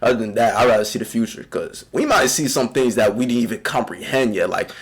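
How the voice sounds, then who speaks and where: A man's voice: medium pitch, animated, fast talker, husky. A man reacting casually to a video on stream, talking loosely in slang and often asking "you know what I'm saying".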